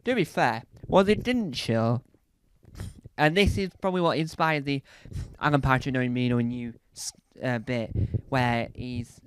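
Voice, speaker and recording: A man telling a rambling, animated comedy story as a stand-up comedian. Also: medium pitch, clear, resonant tone, no room sound. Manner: animated, rambling, acts out bits.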